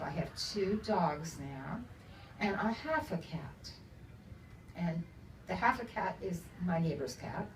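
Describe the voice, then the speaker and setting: A woman's voice: mid-range voice, slight background noise. An older woman author telling chatty stories to an audience at a book event, laughing often. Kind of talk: casual storytelling to an audience. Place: bookstore event room. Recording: roomy, from a distance, faint ambience.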